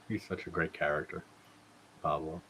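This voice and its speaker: A man's voice: rumbling low, bright, forceful tone, slight background noise. A man hosting a live watch-party stream, chatting casually, laughing often and swearing now and then.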